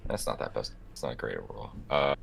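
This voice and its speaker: A man narrating a tabletop game as game master, relaxed and halting, with many fillers. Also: very deep voice, creaky, breathy edge.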